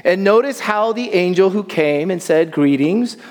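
A male pastor preaching a sermon in a church, animated, dropping to soft emphasis. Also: high-pitched, normal speed, in a large hall. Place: church sanctuary.

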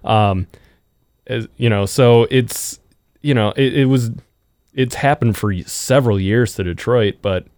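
A man's voice: mid-range voice, unhurried, a little mellow, no room sound, studio quality. A man co-hosting a podcast who rambles with laughs in casual chat. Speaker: podcast co-host.

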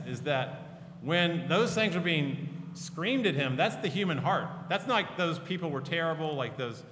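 Earnest pastor preaching in a reverberant hall. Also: male voice, fairly high pitch, noisy background. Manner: earnest, often dropping to a hushed, tender tone. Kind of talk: sermon. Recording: long reverb of a large hall.

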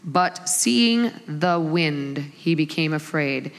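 A middle-aged woman preaching a sermon, telling stories with lively acted-out quotes. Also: low voice, takes it slowly. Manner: animated storytelling with acted-out quotes. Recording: long hall reverb.

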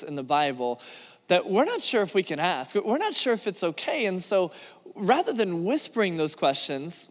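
A man preaching a sermon as pastor, animated and conversational. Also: high voice, long reverb tail. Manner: animated, conversational, acts out whispered asides.

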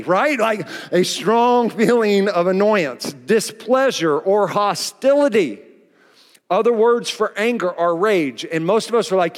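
A man's voice: high-pitched, measured pace. A male pastor preaching a sermon, telling stories and acting out the voices in them, recorded in a church hall. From Oklahoma. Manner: animated storytelling, acts out quotes. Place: church auditorium.

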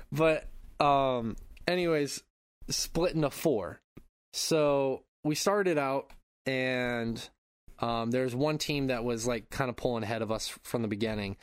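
A man in his thirties chats on a podcast, winding through a long anecdote with plenty of swearing and laughter. His voice sits at an ordinary middle pitch. It is recorded close and dry, with no room sound. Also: smooth, dry recording. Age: 30s. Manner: rambling storyteller, swears, laughs often. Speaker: podcast co-host. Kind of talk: casual chat.

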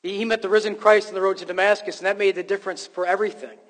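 A man's voice: high voice, steady tone, racing, fairly bright tone, long reverb tail. A man preaching a sermon, earnest and emphatic, often restarting his sentences with fillers. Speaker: pastor.

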